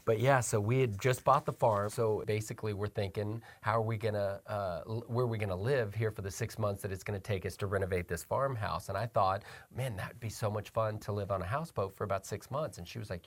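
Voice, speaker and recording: A man with a low voice joins in as a guest. He talks freely and keeps adding short agreements while the story is told. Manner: talkative, chimes in with short agreements. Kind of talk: casual storytelling.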